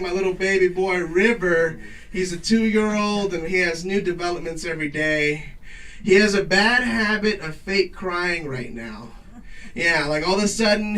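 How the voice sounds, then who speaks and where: A man hosting a late-night talk show, doing a loud, profane stand-up monologue in front of a live garage audience. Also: high-pitched, recorded from a distance, low-quality recording. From Mexico. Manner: loud hype-man announcing to a crowd; casual profane joking.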